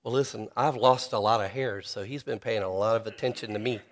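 A man preaching a sermon, earnest and personal, slowing down to stress key phrases. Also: fairly low pitch. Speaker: pastor.

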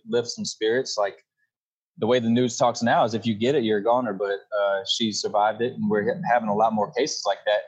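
On a casual podcast, a Cajun-accented company co-founder from Louisiana speaks with easygoing, plainspoken calm. He has a fairly low voice with a breathy edge, heard through dull audio.

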